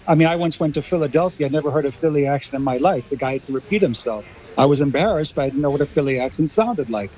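A man's voice: a little high, fast, darkish tone, low-quality recording. A man linguist on a radio panel, making his case firmly with examples. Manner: firm, argumentative with examples. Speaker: linguist guest, teacher.

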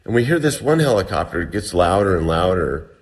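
A man's voice: deep voice, very animated, a little fast. A man casually recounting a story as an interview guest, chatty and full of restarts. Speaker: guest telling a survival story.

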